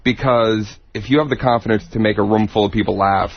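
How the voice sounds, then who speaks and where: A man, a guest comedian, joking in a dry, deadpan way in a casual radio interview. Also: lowish voice, fairly quick. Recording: dull radio studio sound.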